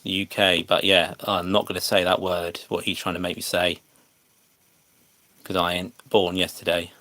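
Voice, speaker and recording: A man's voice: sits low, little pitch movement, moderate pace, bright, forceful tone, no echo. An English man chatting casually to viewers on a livestream, hesitant and full of fillers and restarts. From England.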